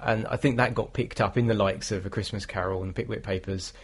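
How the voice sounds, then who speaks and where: A man's voice: lowish voice, fairly even intonation, fairly quick, husky. A British man talking as a guest in a conversational interview, thoughtful and given to light laughter. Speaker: guest historian.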